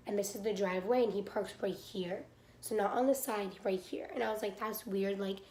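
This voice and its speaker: A woman's voice: mid-range voice, darkish tone, reverberant. Rambling young woman telling a story. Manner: rambling, heavy use of "like". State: stuffy nose. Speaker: vlogger. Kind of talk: casual storytime.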